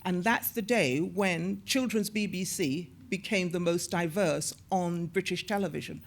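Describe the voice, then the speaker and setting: A woman in her sixties, an actor and former TV presenter, telling lively stories in an onstage interview and acting out the voices she quotes. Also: lowish voice, a little slow, creaky. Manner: lively storyteller who acts out quoted voices. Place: on a stage at a screening event.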